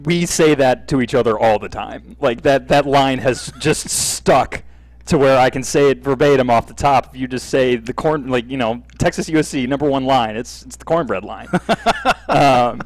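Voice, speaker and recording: A man co-hosting a live sports chat show, easygoing and quick to laugh. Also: mid-range voice, no room sound, rough recording. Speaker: podcast co-host. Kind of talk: casual chat.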